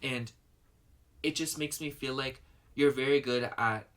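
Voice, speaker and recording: A man's voice: medium pitch, steady tone, unhurried. A man giving a casual, rambling tarot reading to his viewers, full of "you know" and "like.". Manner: murmurs softly while shuffling and pulling cards. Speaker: tarot reader.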